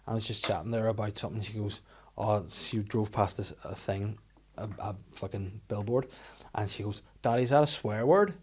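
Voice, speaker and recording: A man's voice: lowish voice, moderate pace, husky. Man, 30s, podcast host; casual, laughing storyteller. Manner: storytelling, laughs often, swears freely. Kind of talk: casual chat.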